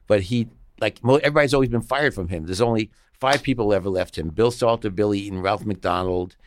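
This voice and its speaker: A man's voice: on the low side, brisk, slight background noise. Man telling studio stories. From Long Island, New York. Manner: chatty anecdotes, acts out the people he quotes. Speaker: guest, session musician and producer. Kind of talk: casual storytelling interview.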